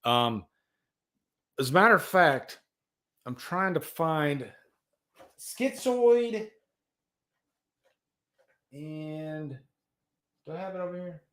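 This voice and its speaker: Enthusiastic male streamer, rambling casual chat, slightly high, lively pitch. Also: slow pace, long pauses. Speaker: livestream host. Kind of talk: casual live-stream chat about movies.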